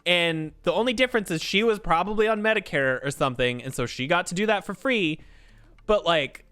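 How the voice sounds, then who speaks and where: Bright, animated ranting man streamer. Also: sits high, fairly quick, clear, resonant tone. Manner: ranting, swears a lot. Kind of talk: casual storytelling on a game stream.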